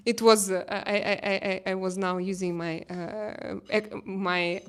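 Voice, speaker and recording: A young woman with a Russian accent chatting casually on a phone live stream, halting with fillers and restarts, reading chat messages. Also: medium pitch, smooth. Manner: halting, many fillers and restarts, laughs easily. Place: home terrace.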